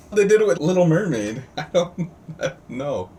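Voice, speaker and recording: A man's voice: a little high, sing-song, normal speed, mellow. A man teaching a live online class over a video call, chatty and jokey, often quizzing his students. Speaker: trading teacher. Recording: distant mic with faint noise.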